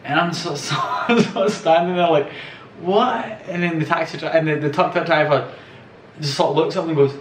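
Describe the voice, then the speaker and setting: A young man, a travel vlogger, rambles through casual travel anecdotes, swearing and laughing as he tells them. His voice is fairly high and steady, his pace brisk. The recording sounds roomy and echoey, with him far from the mic and a little background noise.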